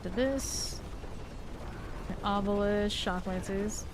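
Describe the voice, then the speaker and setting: A woman's voice: medium pitch, extremely slow, noisy background. A woman streaming a game live, chatting casually and narrating her moves with small laughs. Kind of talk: casual live gameplay commentary.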